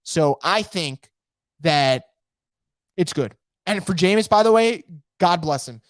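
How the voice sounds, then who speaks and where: A man hosting a casual live sports podcast from home, energetic and opinionated, rambling with frequent restarts. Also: a little high, takes it slowly, dry recording, clean studio sound. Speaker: podcast host. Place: home room.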